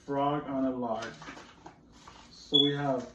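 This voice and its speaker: A man's voice: medium pitch, steady tone, slow pace, fairly bright tone. A man teaching a phonics lesson to children, patiently reading a picture book aloud and asking them about its rhymes. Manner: patient, explains rhymes and asks questions. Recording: roomy, distant, faint noise.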